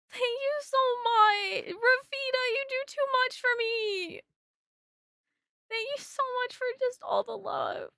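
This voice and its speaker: A woman's voice: very high voice, bright, forceful tone, no echo, clean studio sound. A young woman streamer chatting casually on a live stream, gushing thanks to her viewers.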